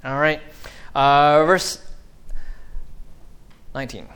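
A man in his thirties preaching a conversational sermon, acting out quotes with lively sarcasm. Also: a little high, very slow, smooth. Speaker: pastor.

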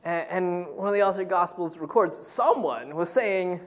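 Speaking at a moderate pace, a middle-aged pastor delivers his sermon in a chatty style laced with "you know." When quoting others, he performs the lines in a high, loud voice.

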